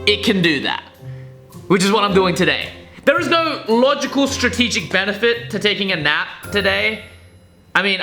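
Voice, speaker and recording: A young man vlogging casually from his apartment, animated and acting out his inner voices in a chatty monologue. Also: echoey room. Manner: animated, acts out inner voices with big pitch swings.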